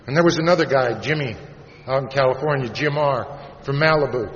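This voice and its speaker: A man from Iowa giving a plain-spoken personal recovery talk to a live audience, turning soft and slow on the heavy parts. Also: medium pitch. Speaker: recovery meeting speaker. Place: large convention hall. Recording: dull, reverberant hall recording with faint hiss.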